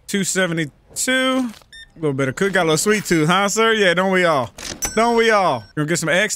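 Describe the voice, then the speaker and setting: A man's voice: high voice, expressive, brisk, pushed and bright, slight background noise. A man giving casual, profane let's-play commentary, joking and bantering with the shoppers in a store game. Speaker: gaming channel host.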